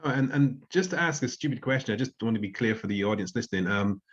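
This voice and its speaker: A man's voice: medium pitch, animated, fast. A man hosting a talk, asking polite and somewhat hesitant questions. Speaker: host. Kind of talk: interview questions. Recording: slightly dull lo-fi sound.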